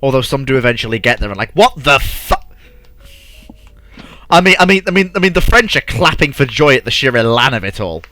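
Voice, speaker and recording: A man's voice: mid-range voice, animated, quick pace, hardly any pauses, bright, forceful tone. A man hosting a casual chat about alternate history, eager and restarting his sentences, full of fillers. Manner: eager, talks over himself, many fillers like "like". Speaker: podcast host.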